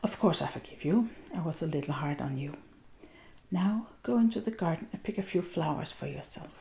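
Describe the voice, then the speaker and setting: A woman with a Danish accent playing a blunt, outspoken older village woman in a soft, whispered role-play. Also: low voice, lively intonation, fairly quick, vocal fry. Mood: forgiving.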